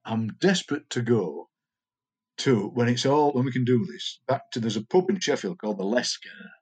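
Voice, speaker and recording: A man's voice: medium pitch, expressive, moderate pace, a little mellow. An older man, a poet chatting enthusiastically as an interview guest. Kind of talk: casual interview chat.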